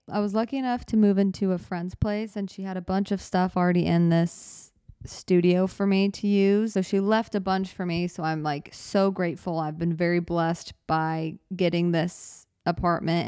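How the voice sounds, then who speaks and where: A young woman talks into her studio microphone in a loose, rambling podcast chat. Her voice sits low and smooth, and the room sounds dry and close. She jokes at her own expense and hurries until she's out of breath. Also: darkish tone, no echo. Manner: rambling, self-deprecating, talks fast and runs out of breath. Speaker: podcast host. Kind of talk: casual solo podcast chat. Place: small studio apartment.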